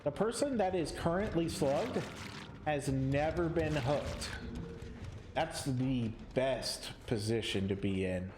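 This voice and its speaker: A young man casting a competitive video game live, excitable, sometimes stumbling over his words. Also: medium pitch, takes it slowly, reverberant, slight background noise. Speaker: esports caster.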